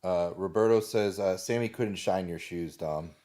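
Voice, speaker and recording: Deep male voice reading comments off-mic. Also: moderate pace, dark tone. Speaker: co-host reading viewer comments.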